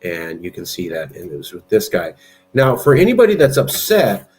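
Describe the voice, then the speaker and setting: Combative man with a low voice. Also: wildly swooping pitch, normal speed. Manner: combative, argumentative, blunt. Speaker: political movement president. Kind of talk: political commentary with screen share.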